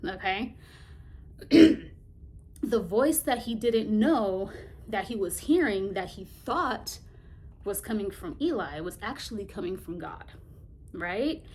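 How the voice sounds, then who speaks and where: A woman's voice: medium pitch, expressive, takes it slowly, pauses often, a little mellow. A woman casually retelling a Bible story in a Bible study vlog, colloquial and chatty, often laughing and searching for words.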